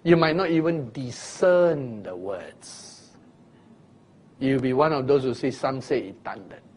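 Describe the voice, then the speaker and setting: A man teaching a Bible sermon in an unhurried, deliberate way, pausing to quiz his listeners and breaking into sudden loud sound illustrations. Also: medium pitch, expressive, breathy edge. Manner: asks listeners questions directly. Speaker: preacher.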